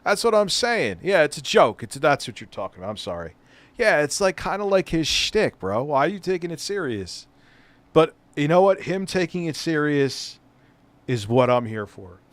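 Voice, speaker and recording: A man's voice: on the high side, sing-song, moderate pace, no room sound. A middle-aged man hosting a live stream, reacting to a clip with casual, mocking, profane commentary.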